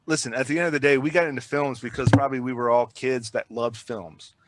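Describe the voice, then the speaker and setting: A man's voice: medium pitch, fairly quick. Rambling man telling production stories. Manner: rambling, animated, frequent restarts and repeated words. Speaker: filmmaker guest. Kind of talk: casual podcast storytelling.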